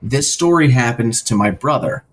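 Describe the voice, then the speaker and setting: A man co-hosting a casual podcast, telling stories in an animated way and slipping into voices. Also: medium pitch, moderate pace, slight background noise. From Philadelphia area. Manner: animated storyteller, does voices in anecdotes. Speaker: podcast co-host. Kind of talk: casual chat.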